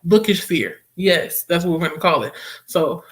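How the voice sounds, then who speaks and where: A woman's voice: on the low side, normal speed. Chatty woman hosting a livestream. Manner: chatty, expressive, laughs often. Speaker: booktube livestream host. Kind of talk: casual livestream chat reading viewer comments.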